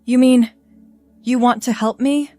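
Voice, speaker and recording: A woman's voice: a little high, a little slow, no room sound, faint music behind, lightly acted. A woman voicing a frightened, tearful young man who speaks in a choked, hesitant way.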